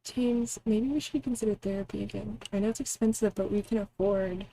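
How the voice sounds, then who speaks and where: An earnest young heroine pleading with the man she loves, read by a woman in her own voice. The tone is soft and warm, with a gravelly edge. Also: mid-range voice, fairly even intonation, a little fast, close to an everyday voice, poor audio. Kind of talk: reading a game aloud.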